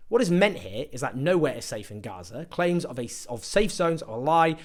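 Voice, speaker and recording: A man's voice: fairly high pitch, big pitch swings, normal speed. Sarcastic, indignant British man commentating. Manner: sarcastic and indignant, with rhetorical questions. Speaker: political commentator. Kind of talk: opinion monologue to camera.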